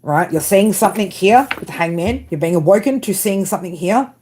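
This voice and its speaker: A woman's voice: mid-range voice, animated, a little fast, mellow, slight background noise. A woman doing a live tarot reading, blunt and casual, swearing often and talking straight to her viewers by name. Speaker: tarot reader.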